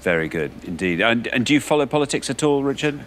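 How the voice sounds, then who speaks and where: A man's voice: mid-range voice, big pitch swings, quick pace, fairly bright tone, a little hiss or hum. Genial male quiz show host. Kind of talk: TV quiz hosting. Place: TV studio.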